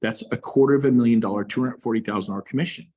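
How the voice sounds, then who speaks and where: A middle-aged man, a realtor, giving a passionate motivational talk with emphatic repeats and big swings in pitch and loudness. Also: racing, husky. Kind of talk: fired-up motivational speech.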